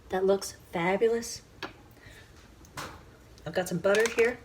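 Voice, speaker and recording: A woman hosting a casual cooking show from her home kitchen, talking chattily and excitably to viewers as she works through each step. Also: medium pitch, unhurried, long pauses. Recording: background noise and clicks.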